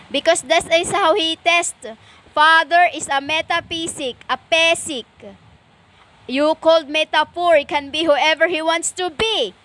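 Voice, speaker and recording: Very high, slow, stern preaching woman. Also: fairly bright tone. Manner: stern and lecturing, slow with many pauses and fillers. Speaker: self-styled preacher. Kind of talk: impassioned spiritual monologue.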